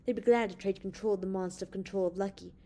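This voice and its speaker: A woman's voice: medium pitch, fairly even intonation, quick pace, natural voice. Woman reading a tense, accusing male officer. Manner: loud, insistent and accusing. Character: tense male officer holding friends at gunpoint.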